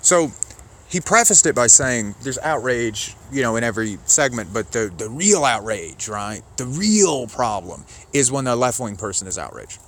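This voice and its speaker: A man's voice: mid-range voice, very animated, moderate pace, a bit bright, a little hiss or hum. A man giving casual political commentary, argumentative and sarcastic, rambling as he rebuts a clip.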